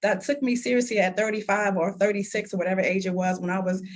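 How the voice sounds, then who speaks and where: A woman in her thirties, an interview guest, telling a personal story in lively conversation, laughing often and acting out what people said. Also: mid-range voice, fast. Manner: animated, laughs often, acts out quoted dialogue.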